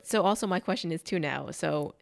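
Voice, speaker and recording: Low voiced woman, dry sarcastic, casual show recap chat. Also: a little fast, vocal fry. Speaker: podcast co-host.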